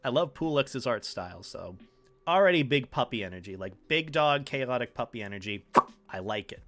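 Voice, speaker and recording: A man's voice: medium pitch, expressive, normal speed, fairly bright tone, faint music behind. A man chatting casually on a live stream, rambling playfully and talking to his chat, with his words tumbling over each other. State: hiccups.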